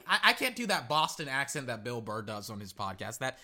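This guy offers loose, meandering fan commentary on a football game as it unfolds, getting excited and repeating himself. His voice is mid-range, and he talks a little fast with few pauses.

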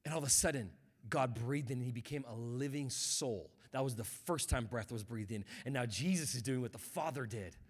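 A man preaching a sermon as guest pastor, building from quiet reflection to shouted fervor and calling on the congregation to respond. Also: medium pitch, a little fast, husky.

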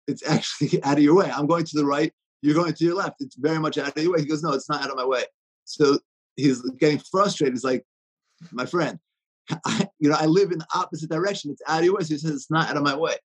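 A man's voice: fairly high pitch, husky, low-quality recording. A man giving an inspirational talk, telling stories with many fillers and restarts.

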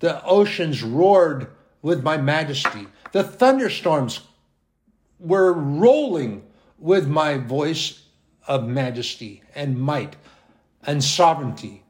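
A man speaking as God, a majestic male figure who reproaches people with slow, grand questions. The voice sits higher and lifts brightly, lingering on each phrase. It unfolds at a deliberate, unhurried pace. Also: animated. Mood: reproachful, majestic.

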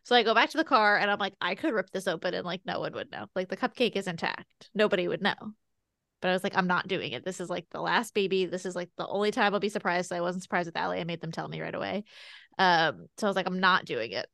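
A woman's voice: fairly low pitch, quick pace, creaky, a bit bright, no room sound, clean studio sound. A woman in her thirties, co-hosting a podcast, telling a personal story in a chatty way full of "like". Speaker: podcast co-host. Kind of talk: casual chat.

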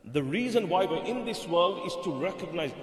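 A man's voice: sits high, animated, moderate pace. A man preaching a sermon in an emphatic voice, repeating phrases and asking rhetorical questions. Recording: reverberant hall.

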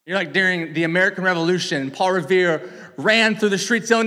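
A man's voice: sits high, a little fast, pushed and bright, long reverb tail. A man preaching a sermon, teaching with big swings in volume and emphasis. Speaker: pastor.

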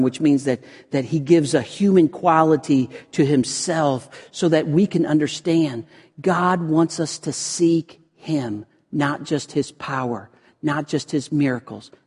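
A man with a slightly husky voice preaches slowly and deliberately. He swings between loud, emphatic stretches and hushed, near-whispered lines. His voice rings out in a church sanctuary with a long reverb. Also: on the high side. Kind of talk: sermon. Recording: long reverb of a large hall.

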